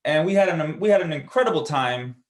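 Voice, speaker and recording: Man with a high voice telling a story. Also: animated, a little fast. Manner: earnest conversational storytelling. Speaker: guest speaker. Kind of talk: storytelling at a church service.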